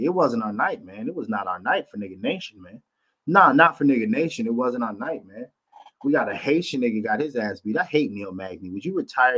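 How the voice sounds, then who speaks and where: A man's voice: fairly low pitch, a bit bright, breathy edge. A man hosting a podcast, ranting casually with lots of profanity and emphatic repetition. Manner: profane, emphatic, repeats himself. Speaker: podcast host.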